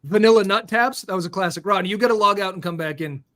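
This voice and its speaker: A man's voice: high-pitched, fast talker, a bit bright. A middle-aged American man hosting a casual comedic talk show over a video call, full of joking, self-mocking asides. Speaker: podcast host.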